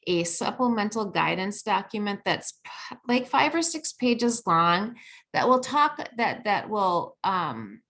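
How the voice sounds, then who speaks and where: A woman's voice: medium pitch, sing-song, slow pace, fairly bright tone. A middle-aged woman giving a training presentation, conversational with many fillers and restarts.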